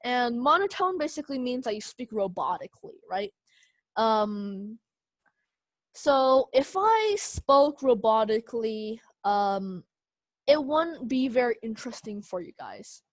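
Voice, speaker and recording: A woman's voice: a little high, very animated, unhurried, no room sound. A young woman teaching an online speech class, casual with many fillers. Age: young adult.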